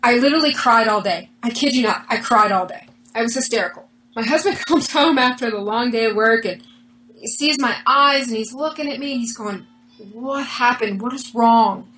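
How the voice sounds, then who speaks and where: Earnest, higher-voiced woman telling her story. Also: brisk, slight background noise, low-quality recording. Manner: earnest, animated retelling with quoted dialogue. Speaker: interview guest. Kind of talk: personal storytelling in an interview.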